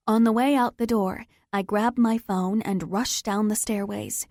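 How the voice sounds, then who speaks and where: A woman's voice: mid-range voice, fairly even intonation, unhurried, hardly any pauses, mellow, dry recording, clean studio sound. A woman narrating a first-person romance audiobook in a tense, dramatic manner.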